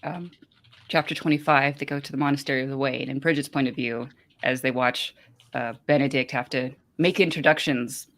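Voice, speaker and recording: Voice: medium pitch, steady tone, fairly quick, fairly bright tone. Rambling podcast host recapping a book. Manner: rambling, hesitant with fillers.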